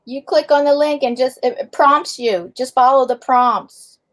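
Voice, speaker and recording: A woman with a high voice co-hosts a relaxed livestream. She chats, repeats her words and welcomes viewers onto the panel. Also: measured pace. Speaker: livestream co-host. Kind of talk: casual chat.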